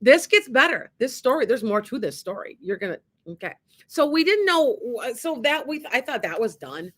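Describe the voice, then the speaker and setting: Middle-aged woman, radio host and medium, bright voice, lively storyteller who restarts often. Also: fairly high pitch, normal speed. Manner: animated, acts out quoted dialogue, many restarts. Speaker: psychic medium and show host. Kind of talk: casual storytelling on an internet radio show.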